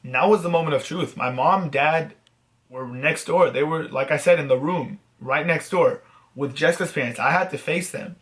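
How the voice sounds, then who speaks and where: A man vlogging, telling a story to camera in a casual, animated, self-mocking way and swearing freely. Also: fairly high pitch, moderate pace. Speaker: vlogger host.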